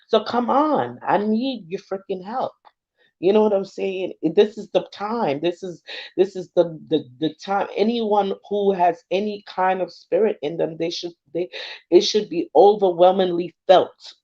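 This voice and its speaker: A woman's voice: lowish voice, dark tone, lo-fi sound. Emotional, earnest woman card reader. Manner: emotional and earnest, keeps asking if you follow. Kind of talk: casual livestream talk.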